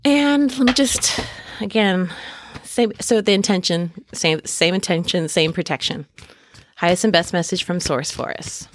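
A woman's voice: lowish voice, slight background noise. A woman hosting a casual spiritual podcast, reading tarot cards in a chatty, self-deprecating way with frequent laughs and fillers. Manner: chatty and self-deprecating, laughs often, lots of ums and likes. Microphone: podcast mic.

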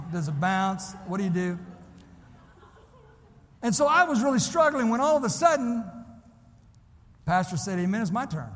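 A high-voiced man from Illinois preaches, drifting between hushed, tender storytelling and fervent cries to the congregation. His voice rings with the long reverb of a large church hall. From Illinois, USA. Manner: emotional storytelling that swells into impassioned preaching. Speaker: preacher at a missions convention. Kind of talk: sermon.

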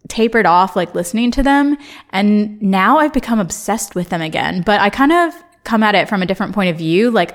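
A woman in her thirties with an American accent, hosting her own podcast. She talks casually and chattily, full of fillers and quick laughs. Her pitch sits at an ordinary middle level for a woman. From Ohio, USA. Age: 30s. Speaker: podcast host. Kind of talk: casual solo podcast monologue.

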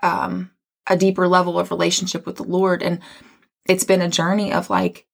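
A woman's voice: fairly low pitch, little pitch movement, moderate pace, creaky. Earnest woman sharing faith testimony. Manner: rambling, earnest, many fillers and restarts. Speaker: podcast host. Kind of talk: casual faith podcast testimony.

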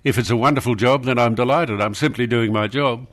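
A man's voice: medium pitch, a little fast, a bit bright. An older Australian man hosting talkback radio, blunt and scolding as he argues with a caller.

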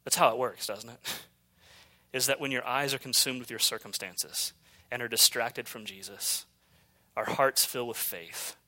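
A male pastor preaching a sermon with animated storytelling, dropping suddenly into quiet asides. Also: medium pitch.

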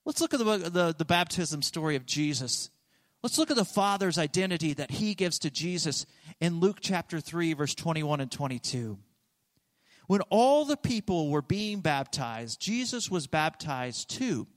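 A man's voice: fairly high pitch, big pitch swings, moderate pace. A man preaching a sermon as pastor, earnest and emphatic, repeating his key phrases for weight, in a church sanctuary. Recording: long reverb of a large hall.

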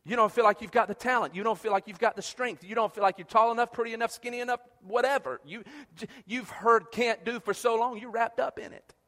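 A man preaching a sermon, animated, acting out quoted prayers and often repeating words as he starts a phrase. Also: very high-pitched, fast talker, big-room sound.

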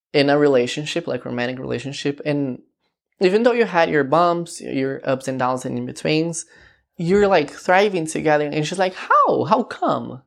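A woman's voice: low voice, vocal fry. A woman hosting a casual song reaction vlog, chatty and gushing, with lots of fillers. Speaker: vlog host.

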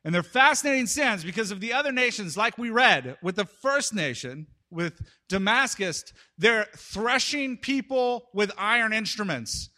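In an expressive, high-sitting voice, a man preaches a sermon, retelling a story as he swings dramatically between loud outbursts and hushed pauses.

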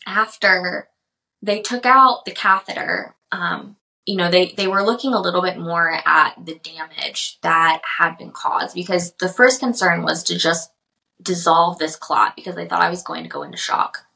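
A woman's voice: fairly low pitch, normal speed, creaky, sharp tone, low-quality recording. A young woman hosting a podcast, telling a personal story in a chatty way with many fillers. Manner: chatty, lots of "like" and "um", gets emotional in places. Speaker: podcast host.

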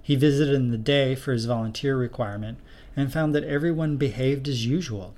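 A man's voice: medium pitch, brisk, a little mellow. Man narrating a story steadily.

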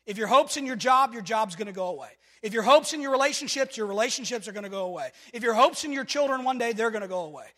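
High-voiced man preaching in echoing church. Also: lively intonation, fast, few pauses. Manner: preaching with sudden swings from shouting to near-hushed tones; repetitive rhetorical calls to the congregation. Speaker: pastor. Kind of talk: sermon. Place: church sanctuary. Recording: long hall reverb from a church.

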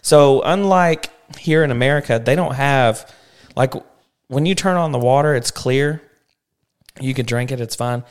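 A man's voice: mid-range voice, unhurried, clean tone. A man hosting a casual family podcast, telling travel stories in a chatty way and ending with an upbeat sign-off.

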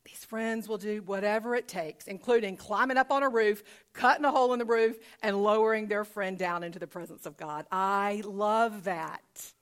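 A woman's voice: mid-range voice, brisk, hardly any pauses. A woman pastor preaching a sermon conversationally, asking rhetorical questions and repeating phrases for emphasis.

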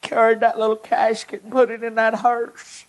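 A man, preaching a personal testimony in earnest, halting, short emotional phrases. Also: extremely high pitch, completely flat delivery.

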